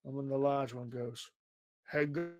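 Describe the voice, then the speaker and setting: A man's voice: medium pitch, fairly even intonation, moderate pace. A man narrating as game master of a tabletop game over an online call, describing scenes in a casual way.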